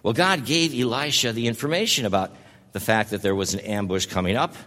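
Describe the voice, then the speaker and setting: A man's voice: on the low side, a little fast, a bit bright, in a large hall. A man preaching a sermon as a pastor, telling a story in a folksy way and speaking to people in the congregation by name.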